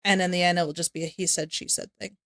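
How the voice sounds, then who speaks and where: A young woman comments on a video she is watching, in a loose, rambling way that keeps circling back in exasperation. Her voice is bright and forceful. The sound is dry and close to the mic. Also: fairly low pitch, steady tone, fast talker, no room sound. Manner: rambling, exasperated, repeats herself. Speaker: reaction streamer.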